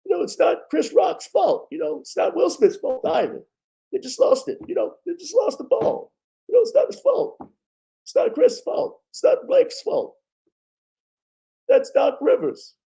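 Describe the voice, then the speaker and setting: A blame-dodging male basketball coach with a squeaky, breathy, hoarse rasp. He talks in a mellow tone and repeats the same excuse again and again. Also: heavily acted.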